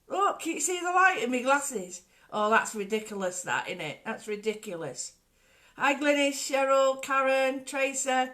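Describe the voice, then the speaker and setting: A woman's voice: high voice, animated, moderate pace, a bit bright. A woman hosting a casual home livestream, rambling chattily and greeting viewers by name. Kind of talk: casual live chat.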